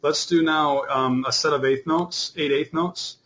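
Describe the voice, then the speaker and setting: A man teaching an online beginner fiddle class, explaining in a relaxed way with lots of fillers. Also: on the high side, a little slow, lo-fi sound, soft background music.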